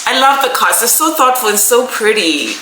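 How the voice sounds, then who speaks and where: A woman's voice: a little high, sing-song, moderate pace, bright, forceful tone. A young woman, unboxing gifts in a casual vlog, gushing, emotional and laughing often. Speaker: vlogger. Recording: echoey room, background noise.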